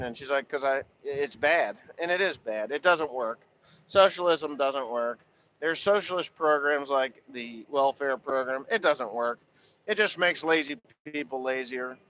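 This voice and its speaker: A man's voice: mid-range voice, sharp tone, muffled recording. A man, a farmer, talking in a casual rambling monologue, blunt and profane and full of "you know" fillers.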